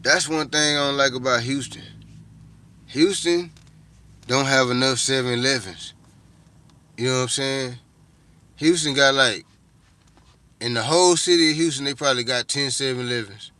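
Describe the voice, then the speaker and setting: A man's voice: mid-range voice, moderate pace, pauses often, sharp tone. A middle-aged man, chatting casually and profanely with viewers on a livestream, rambling from one thought to the next. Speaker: livestream host.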